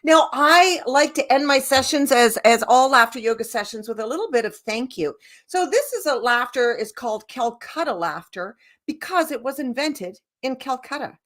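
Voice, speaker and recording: A woman leading a laughter yoga session, bubbly and giggly, gently coaching the viewer directly. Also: high voice, animated, moderate pace.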